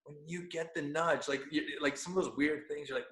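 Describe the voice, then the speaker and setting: A man guest on a podcast, telling a personal story with animated energy and frequent laughs, dropping to hushed tones for quoted lines. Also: fairly high pitch, fairly quick, few pauses. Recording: roomy echo.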